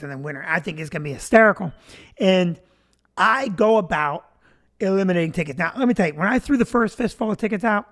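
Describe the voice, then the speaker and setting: An animated male comedian tells a long story from a club stage into a handheld mic. He shifts energy freely and jumps into little crowd voices along the way. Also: high-pitched. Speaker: stand-up comedian. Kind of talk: stand-up storytelling.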